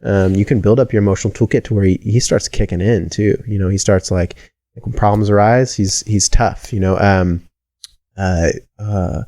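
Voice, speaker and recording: A man with a low, mellow voice hosts a casual podcast chat. He rambles, swears and stumbles over restarts, sometimes acting out motivational pep talks. The sound is dry and close. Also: steady tone, normal speed, no room sound. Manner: rambling, profane, restarts a lot, acts out pep-talk voices. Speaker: podcast host.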